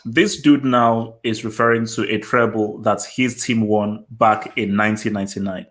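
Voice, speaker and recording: A man hosting a live football debate show, reading viewer comments and mocking rival fans in an animated, interrupting way. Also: fairly low pitch, moderate pace. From lives in England.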